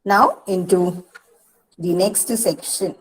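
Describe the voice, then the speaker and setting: A woman's voice: fairly low pitch, slow, husky, poor audio. Patient Indian English woman teaching. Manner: patient, repeats points, frequent "uh" and "see". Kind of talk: online lecture on poetic meter.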